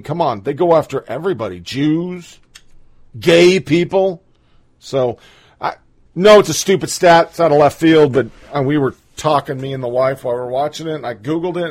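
A man's voice: on the high side, a little mellow, breathy edge. A man hosting a podcast, ranting bluntly with profanity in casual political commentary. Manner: blunt, profane, opinionated rant. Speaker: podcast host.

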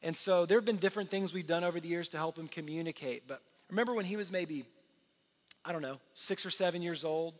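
A man's voice: a little high, quick pace. A middle-aged man preaching a sermon to his congregation, earnest and conversational, often restarting his sentences. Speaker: pastor. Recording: long reverb of a large hall.

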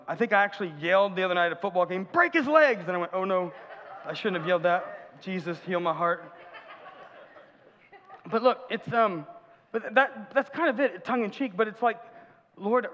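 A pastor with a high, somewhat bright voice delivers a conversational sermon in a church sanctuary. He mixes in humorous asides and questions to the audience, and the recording has a muffled church-hall reverb.

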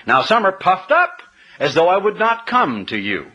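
A man's voice: high-pitched, huge pitch swings, normal speed, pushed and bright, muffled recording. A man preaching a sermon, emphatic and full of rhetorical questions, sometimes spelling words out letter by letter.

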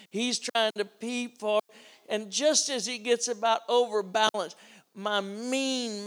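A man's voice: high voice, a bit bright, clear, resonant tone. An older man preaching a sermon, telling a family story and acting out the voices of the people in it.

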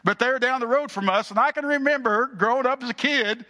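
Middle-aged male pastor, high bright voice, folksy sermon storyteller. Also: a little fast. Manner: folksy storytelling, repeats words.

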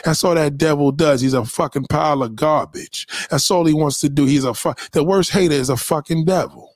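A livestream host with a slightly high voice delivers a profane motivational rant at a fairly quick pace, heated and preachy, swearing nonstop and repeating himself. He uses a home webcam mic, yet the sound is clean and studio-like, with no room sound.

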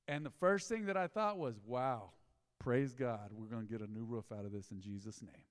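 A man preaching a sermon in his church, telling a story with lively swings between loud exclaims and hushed asides. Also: mid-range voice, a little fast, long reverb tail. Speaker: pastor. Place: church sanctuary.

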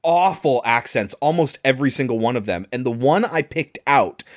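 A man co-hosting a casual movie review podcast, animated and swearing freely as he quotes lines. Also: medium pitch, moderate pace. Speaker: podcast co-host.

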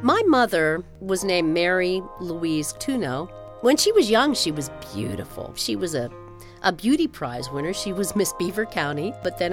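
Wry, lively woman telling a story. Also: fairly low pitch. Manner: wry and animated. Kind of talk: personal storytelling. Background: music.

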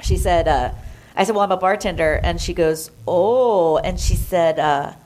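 A woman telling a story in a casual chat, animated, acting out what others said in higher voices. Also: unhurried, rough recording. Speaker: guest.

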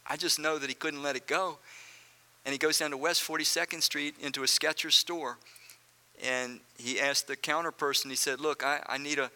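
Earnest preacher man, bright forceful voice. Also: fairly high pitch, steady tone, moderate pace. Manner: earnest, addresses the congregation directly; repeats phrases for emphasis. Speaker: pastor. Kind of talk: sermon.

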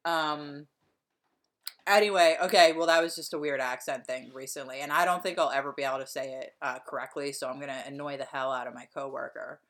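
A woman's voice: very deep voice, steady tone, brisk, fairly bright tone. A woman, rambling through a casual podcast chat. She swears freely and fills her sentences with ums and likes. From Pennsylvania. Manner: profane, rambling, frequent fillers. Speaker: podcast co-host.

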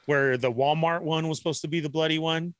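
A man hosting a casual chat among collectors, eagerly steering the topics and laughing loudly. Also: on the high side, steady tone, brisk, no room sound. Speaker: podcast host.

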